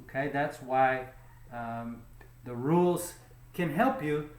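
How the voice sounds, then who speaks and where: A man's voice: medium pitch, takes it slowly, reverberant, low-quality recording. A man teaching a pronunciation lesson, speaking patiently, repeating words and checking in with "okay?". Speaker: English teacher.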